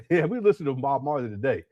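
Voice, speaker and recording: A man's voice: medium pitch, very animated, fast talker, warm tone, dry recording, lo-fi sound. A man hosting a livestream and chatting casually with viewers, rambling, giggling often and breaking into bits of song. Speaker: livestream host. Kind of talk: casual live-chat commentary.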